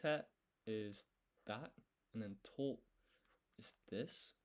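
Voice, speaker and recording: A language learner streams his study session, thinking aloud as he goes. His voice sits on the low side and moves slowly while he explains each step and quizzes himself under his breath.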